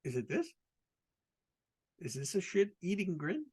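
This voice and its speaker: A man's voice: sits high, wildly swooping pitch, measured pace, a little mellow, husky. An American man hosting a casual solo podcast, rambling and profane, with an incredulous tone and frequent laughs at his own jokes. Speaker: podcast host. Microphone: podcast microphone, also filmed.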